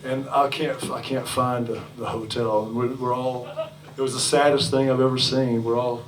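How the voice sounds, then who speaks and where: A man's voice: medium pitch, level tone, normal speed. A man in the middle of his range tells a meandering road story to a crowd between songs. He swears casually and keeps breaking into chuckles. The sound is a live room recording from a distance, roomy and echoey. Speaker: singer-songwriter and bandleader. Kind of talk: between-song stage banter. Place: restaurant music venue on stage.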